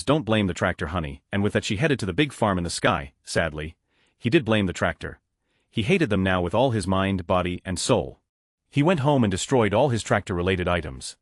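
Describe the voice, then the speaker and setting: A man's voice: on the low side, no room sound, clean studio sound. A man narrating a string of reader-submitted jokes in a scripted, announced-by-number way. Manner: animated, reads numbered stories one after another.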